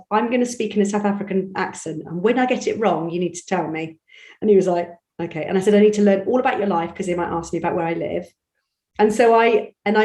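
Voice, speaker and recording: A woman from Bristol with a Bristol accent, an audiobook narrator chatting animatedly in an interview, telling stories with quick restarts. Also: medium pitch, a little mellow, roomy sound. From England. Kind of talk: conversational interview.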